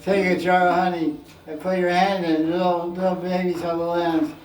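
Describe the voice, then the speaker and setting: A man's voice: high-pitched, flat delivery, normal speed, a little mellow. A man giving a scripture class as spiritual teacher, telling stories playfully and acting out scenes, recorded from a distance in an echoey room.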